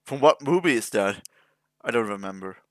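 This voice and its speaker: A man's voice: on the low side, lively intonation, moderate pace, no echo. A man hosting a reaction video, chatting casually with jokes and rambling asides. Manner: rambling, joking, trails into mock-emotional mumbling.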